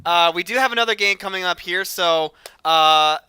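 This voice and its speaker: A man's voice: high-pitched, normal speed, bright, forceful tone, clean tone, no echo. A man hosting an esports stream, chatting with players and reading out viewer questions. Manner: upbeat, chatty, reads chat questions aloud. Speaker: esports caster interviewing players. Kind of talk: casual stream chat.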